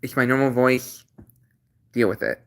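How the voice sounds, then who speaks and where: A man hosting his own channel stream, laying out chat rules in a halting, repetitive way with many restarts, earnest and apologetic at times. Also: medium pitch, a bit bright, smooth. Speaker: channel host. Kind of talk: casual livestream talk.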